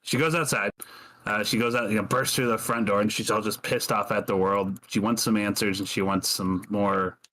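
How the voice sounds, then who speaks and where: A man playing in a tabletop game, telling what his character does in an animated way. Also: fairly low pitch, normal speed. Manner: animated storytelling. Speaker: player. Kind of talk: narrating his character's actions.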